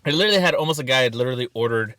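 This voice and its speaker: A man in his thirties chatting casually while eating, telling animated stories with frequent laughter and swearing. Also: medium pitch, racing, dry recording. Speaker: podcast co-host.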